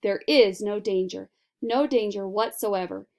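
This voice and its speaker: A woman's voice: medium pitch, a little slow, darkish tone, natural voice. A woman reading a storybook aloud and voicing an eccentric, cheerful man who makes sweets, speaking in an airy, theatrical way. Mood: breezy. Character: eccentric cheerful male candy maker, giggly.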